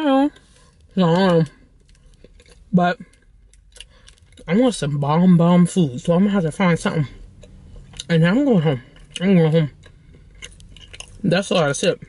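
A woman's voice: fairly low pitch, darkish tone, husky. A woman vlogging casually from her car into a phone, chatty and rambling, calling her viewers y'all. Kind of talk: casual vlog chat.

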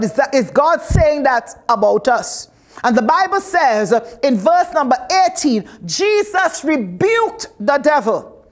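Impassioned high-voiced Tobagonian woman preacher. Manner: impassioned preaching, rising to shouts. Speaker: pastor. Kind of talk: sermon.

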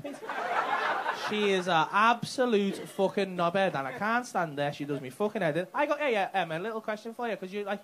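A man doing cheeky, crude crowd work on a comedy club stage. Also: high voice. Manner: cheeky, crude banter with the audience. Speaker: stand-up comedian. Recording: live club with loud crowd and noise. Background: loud crowd laughter.

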